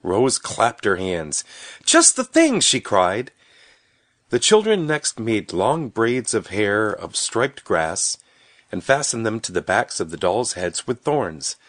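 A man reads a children's story aloud with a lively, expressive voice of middle pitch. His delivery rises and falls a lot. The sound is dry and close. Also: no room sound. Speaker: narrator. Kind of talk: storybook reading.

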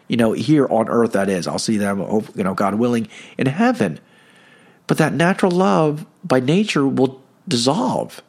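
A middle-aged man giving a conversational teaching talk on Catholic faith, full of "you know" and "okay.". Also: mid-range voice. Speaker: Catholic speaker.

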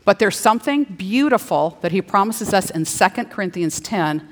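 A middle-aged woman preaching a sermon, playful and animated, slipping into little acted-out dialogues. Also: mid-range voice, normal speed. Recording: long hall reverb.

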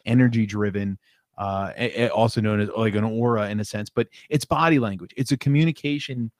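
A man's voice: lowish voice, brisk, no echo. Rambling male host, dry close sound. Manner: rambling, uses "like" and "right?" a lot. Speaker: interview host. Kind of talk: casual interview talk.

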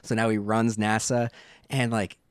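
A man's voice: on the low side, unhurried, clear, resonant tone, no echo, studio quality. Rambling man chatting about movies. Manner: rambling, animated, many restarts. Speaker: podcast co-host. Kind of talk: casual movie chat.

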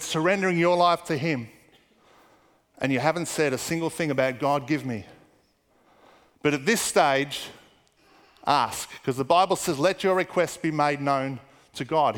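A man preaching a sermon as a pastor, telling stories and dropping into hushed, muttered asides when he quotes people. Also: on the high side, normal speed, in a large hall.

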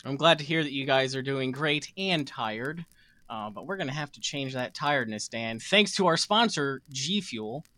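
A man's voice: mid-range voice, lively intonation, moderate pace, sharp tone, dry recording. A man hosting a podcast chat, playful and jokey with his co-hosts. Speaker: podcast host. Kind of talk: casual chat.

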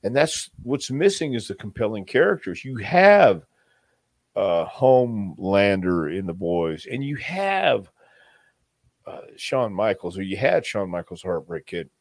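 A man's voice: on the low side, sing-song, measured pace, dry recording. A man as an interview guest, telling stories in a rambling way with many restarts and acted-out quotes. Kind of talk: casual storytelling interview.

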